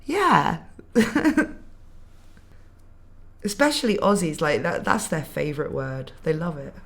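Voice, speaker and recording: A young woman from England with a mildly posh accent streams and chats casually, reading out viewer comments live. Her deep voice is sing-song, slow, creaky, and fairly bright, and she's giggly, laughing often between remarks.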